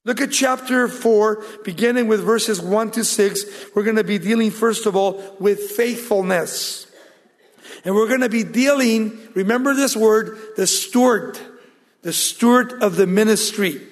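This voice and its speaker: A man preaching a sermon as pastor, emphatic and slowing down to stress key words. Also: high voice. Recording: long reverb of a large hall.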